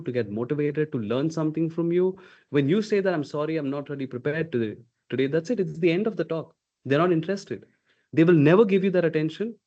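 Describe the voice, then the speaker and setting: A man lectures a leadership class over a video call, his voice set a little high and full of emphasis. He keeps firing rhetorical questions and tags his points with "okay?". The call audio is dull and lo-fi. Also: darkish tone. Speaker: leadership instructor.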